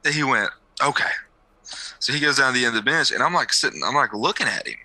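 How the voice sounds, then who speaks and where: A young man with a very bright, forceful voice, chatting about sports on a podcast. He tells stories with animation and shoots his pitch up for the punchlines. The sound is very dry and close to the mic. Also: quick pace, no room sound, poor audio. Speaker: podcast co-host and basketball coach. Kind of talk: casual sports chat.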